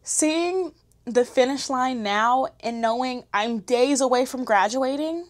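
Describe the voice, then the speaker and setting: Young woman, casual vlog chat, slangy, candid, encouraging, a bit high-pitched. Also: unhurried. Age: young adult. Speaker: vlogger.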